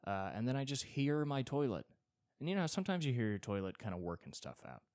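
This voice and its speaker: A man's voice: mid-range voice, very animated, fast talker, a little mellow, no room sound, clean studio sound. A man doing a stand-up style solo podcast monologue, rambling and exasperated, with swearing riffs. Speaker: stand-up comedian and podcast host.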